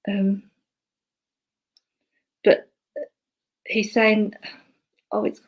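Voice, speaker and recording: A woman relaying spirit messages to an online congregation as a medium. Her delivery is hesitant and full of fillers and restarts. Between messages she drops to a soft murmur, as if talking to herself. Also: mid-range voice, steady tone, unhurried, long pauses, poor audio. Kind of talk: live online clairvoyance demonstration.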